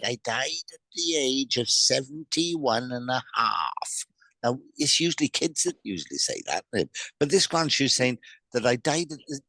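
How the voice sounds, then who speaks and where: This is a man with a South Welsh accent, talking at a medium pitch in a dry room with no echo. He speaks in a chatty, friendly way, often stammering and starting over as he gives a live psychic reading. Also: a bit bright. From South Wales.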